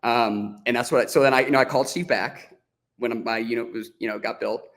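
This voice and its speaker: Man, podcast guest, rapid speech, gravelly creak, casual animated storytelling, acts out dialogue, restarts sentences. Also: mid-range voice. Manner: frequent restarts and "like" fillers.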